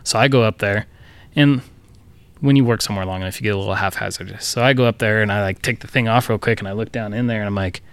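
A man's voice: on the low side, fast, clear, resonant tone. A man co-hosting a podcast, telling a workplace story in a loose, profane, chuckling way. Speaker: podcast co-host. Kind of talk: casual storytelling chat.

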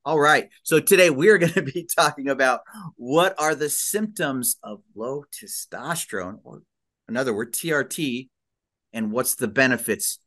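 Male host, enthusiastic radio-style delivery, mid pitch. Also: moderate pace, a bit bright. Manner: upbeat, enthusiastic, jokey. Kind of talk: energetic podcast interview.

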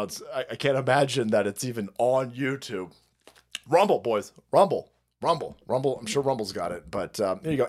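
A man hosting a livestream, ranting with heavy profanity and mocking laughter. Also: sits high. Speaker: streamer host.

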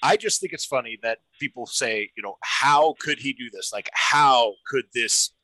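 A man chats on a comedy podcast with a wry edge. His voice is bright and forward. The sound is dry and close. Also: mid-range voice, moderate pace, no room sound, rough recording. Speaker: podcast co-host. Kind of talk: casual chat.

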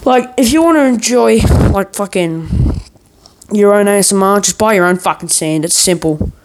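A man's voice: high-pitched, moderate pace, noisy background. A man in a worked-up, profane ranting monologue, swearing nearly every sentence as a vlogger.

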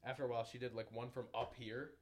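A man's voice: mid-range voice, little pitch movement, fast talker. Hesitant young man chatting on a podcast. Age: young adult. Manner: hesitant, trailing off, restarts a lot. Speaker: podcast co-host. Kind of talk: casual chat.

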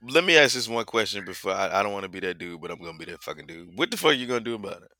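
A man co-hosting a podcast, loud and teasing in casual banter. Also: lowish voice, animated, very fast, dry recording, studio quality. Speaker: podcast co-host.

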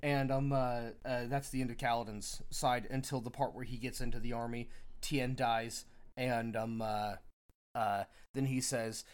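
A man's voice: mid-range voice, fairly even intonation, smooth. A man recapping book chapters in casual chat, rambling with many ums and uhs. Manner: rambling, full of ums and uhs, quick acted quotes. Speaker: podcast co-host.

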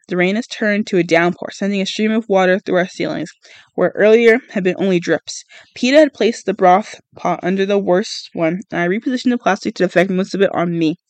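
High-voiced man reading a novel aloud. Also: no echo. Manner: unpolished reading with frequent stumbles and self-corrections. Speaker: podcast reader.

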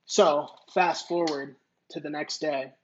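A man's voice: a little high, fairly even intonation, slow pace, muffled recording, a little hiss or hum. A man on a podcast telling a story in a casual, rambling way, swearing and using lots of filler words. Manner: rambling, profane, filler-heavy. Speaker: podcast co-host.

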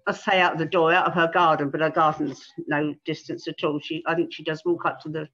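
An older woman talks in a gentle, halting way, stopping often to restart her sentences. Her voice comes through a dull, muffled call line with little clarity. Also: low voice, flat delivery. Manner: gentle, hesitant, many ums and restarts. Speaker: guest, retired pastoral carer. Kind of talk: casual conversation.

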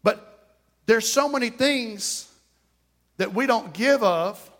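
A man with a notably high speaking voice preaches in church. His delivery is fervent yet conversational. He drops into quiet, joking asides with the congregation, then rises into loud exclamations. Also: takes it slowly. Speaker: pastor. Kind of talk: sermon.

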